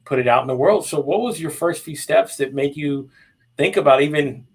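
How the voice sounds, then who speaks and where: A man's voice: on the high side, normal speed, slightly rough. A man hosting a casual interview, asking friendly, encouraging questions. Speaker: podcast host.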